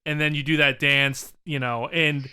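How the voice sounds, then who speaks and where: A man co-hosting a podcast in loose, rambling chat full of ums. His voice is bright and forceful, and clean and resonant in tone. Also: a little high, fairly even intonation, normal speed, clear, resonant tone. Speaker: podcast co-host. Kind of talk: casual chat.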